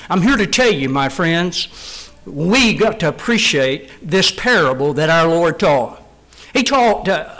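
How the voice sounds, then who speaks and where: A man's voice: high-pitched, fairly bright tone, rough recording. A middle-aged man preaching a sermon in an earnest, emphatic way, repeating phrases for stress.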